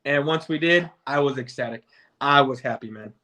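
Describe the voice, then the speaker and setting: A man's voice: medium pitch, normal speed, pushed and bright. A man talking football in a casual debate, rambling and restarting his sentences often. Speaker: guest debater, football fan.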